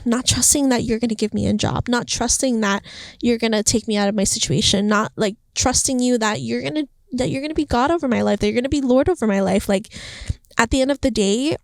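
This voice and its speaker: A young woman talking about her faith in a casual vlog, chatty and animated, filling her sentences with "like" and acting out what was said. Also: a little high, a little fast, vocal fry, no echo. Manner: chatty, heavy use of "like", animated quoting. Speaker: faith vlogger. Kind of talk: casual devotional vlog monologue. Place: indoors, Los Angeles home. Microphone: phone or camera mic.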